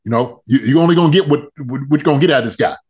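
A man in a relaxed sports podcast chat, easygoing and jokey. He leans on repetition to drive a point home and talks in a plain, middle-pitched voice. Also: racing. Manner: loose, joking, repeats phrases for emphasis.

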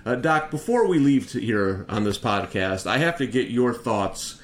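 A man hosting a casual podcast chat, upbeat and quick to laugh. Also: medium pitch, expressive. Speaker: podcast host. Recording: echoey room sound.

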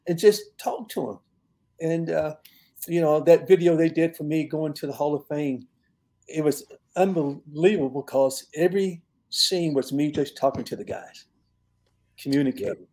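An older man, a longtime football coach, telling relaxed stories in an interview and laughing at his own tales. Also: on the high side, moderate pace. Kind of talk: storytelling in an interview.

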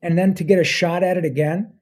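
Husky, warm-toned man in his sixties. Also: high voice, steady tone, fast. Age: 60s. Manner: enthusiastic, rambling with fillers. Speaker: guest voice actor. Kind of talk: casual interview talk.

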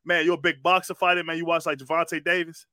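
A man's voice: a little high, flat delivery, fast talker, pushed and bright, no room sound, clean studio sound. A man hosting a casual interview, laid-back and full of slang, saying "man" often. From Washington, D.C. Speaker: podcast host.

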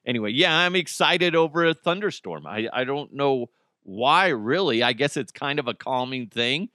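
A man's voice: mid-range voice, animated, normal speed, sharp tone, no room sound, studio quality. A man hosting a casual solo podcast, joking and rambling, swearing freely and slipping into mocking voices. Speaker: podcast host.

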